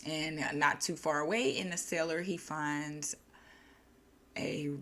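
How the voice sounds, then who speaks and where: A woman's voice: sits low, steady tone, slow, pushed and bright. A young woman casually retelling a short story in her own chatty words, with restarts and slang. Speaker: storyteller and channel host.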